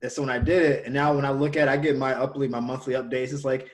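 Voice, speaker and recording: A man in casual conversation, telling a story and lively when he quotes others. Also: mid-range voice, fast talker.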